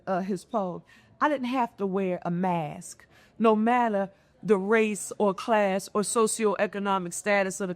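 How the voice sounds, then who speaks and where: A middle-aged woman from Philadelphia, a mayor speaking as a panel guest, telling stories in an animated, expressive way with lively intonation. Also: medium pitch, no room sound. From Philadelphia, United States. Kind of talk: conversational panel discussion.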